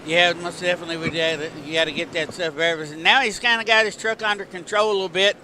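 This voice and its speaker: A man calling a live sim dirt race as host, folksy and excitable, rambling with lots of fillers. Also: sits high, quick pace, background noise. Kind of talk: live sim racing play-by-play.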